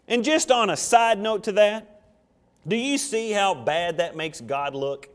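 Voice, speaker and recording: A man preaching in a church sanctuary with an animated, joking storytelling manner, acting out small scenes as he goes. His voice sits high for a man. A long hall reverb trails behind each phrase. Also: a little slow, clean tone. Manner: animated, jokey storytelling with acted asides. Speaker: pastor. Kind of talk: sermon.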